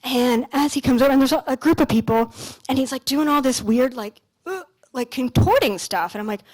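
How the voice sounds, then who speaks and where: A woman from Canada in her thirties telling a story on stage in a casual, animated way, full of "like" and the odd swear word. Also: high voice, brisk. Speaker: speaker on stage. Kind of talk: motivational stage talk with storytelling. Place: stage at a large expo hall.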